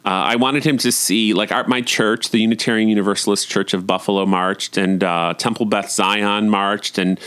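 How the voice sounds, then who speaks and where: A man telling casual stories from home as a podcast host, chatty and campy, often jumping up into high, excited swoops. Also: normal speed, few pauses, clear, resonant tone. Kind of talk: casual storytelling monologue.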